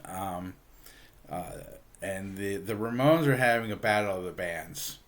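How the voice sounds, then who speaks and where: Guy with a lowish voice chatting about a comic book, easygoing, lots of ums and little laughs. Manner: relaxed, halting, many ums and uhs, chuckles often. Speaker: book reviewer, channel host. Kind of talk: casual comic book review.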